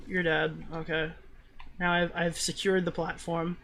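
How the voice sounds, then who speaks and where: A man with a New York accent streams a game live, chatting casually with viewers and swearing in frustrated outbursts at how he's playing. His voice is a little high, level, gravelly and sharp, and he speaks a little slowly.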